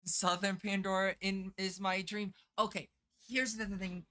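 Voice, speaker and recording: Bright-voiced woman game streamer. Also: medium pitch, level tone, measured pace. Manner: chatty, swears freely, answers chat. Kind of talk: casual live-stream chat.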